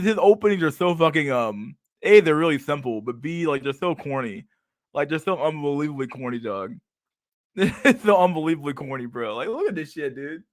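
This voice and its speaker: A man's voice: fairly high pitch, no room sound, clean studio sound. A man streaming casual reaction commentary on videos, with crude slang, frequent laughter, and a habit of calling his viewers dog and bro.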